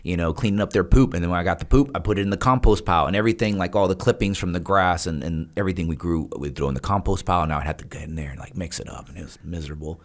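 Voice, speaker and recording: Deep-voiced man telling an animated story. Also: racing, hardly any pauses. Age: adult with a wife, past childhood. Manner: animated storyteller, laughs often, acts out quotes. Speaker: podcast guest. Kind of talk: casual storytelling interview.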